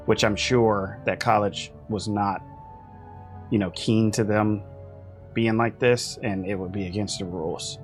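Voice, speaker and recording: A man's voice: fairly low pitch, fairly even intonation, a little slow, soft background music. Chatty man doing game commentary. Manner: chatty asides, trailing off mid-thought. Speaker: gaming youtuber. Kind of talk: casual let's-play commentary, reading in-game notes aloud.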